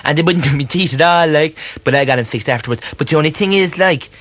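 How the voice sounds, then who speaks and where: Man playing a camp Cork hairdresser, high-pitched, rattling along, gossipy, rambling, 1980s radio comedy. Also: fast talker, fairly bright tone, dry recording, natural voice. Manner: rambling, breathless, gossipy, full of "like" and "you know". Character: chatty camp male Cork hairdresser, middle-aged, fussy and sentimental. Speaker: comic character guest on radio.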